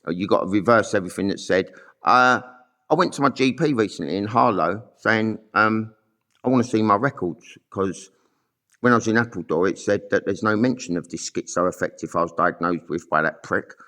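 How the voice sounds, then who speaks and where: A man's voice: on the low side, moderate pace, bright, forceful tone. A middle-aged man telling his own story in a blunt, sweary, rambling monologue full of fillers. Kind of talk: angry monologue to camera.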